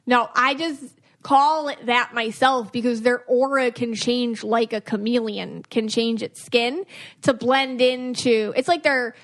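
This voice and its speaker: Woman, podcast host, chatty, laughs a lot, slightly high voice. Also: fairly even intonation, measured pace. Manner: chatty, laughs often, acts out quotes. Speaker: podcast host, aura reader. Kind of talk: casual podcast chat.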